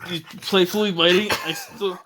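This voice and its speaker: A man's voice: sits high, fairly even intonation, moderate pace, very noisy. A man vlogging at home, cooing at his dog and swearing casually as he talks.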